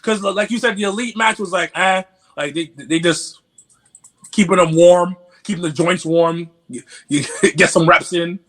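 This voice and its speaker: A man from New York with a New York accent, a podcast guest in casual chat, animated and stammering through restarts. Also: sits high, moderate pace.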